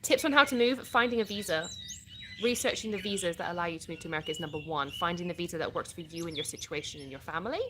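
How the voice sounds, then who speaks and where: A woman's voice: fairly low pitch, rapid-fire, noisy background. A British woman from the UK hosting a casual livestream, reading out viewer comments and answering them in a chatty way. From United Kingdom.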